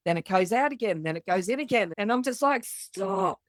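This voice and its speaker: A woman's voice: mid-range voice, animated, fast, no room sound. A middle-aged woman with an Australian accent, a podcast guest telling her story candidly and bluntly, swearing freely and acting out the voices of others.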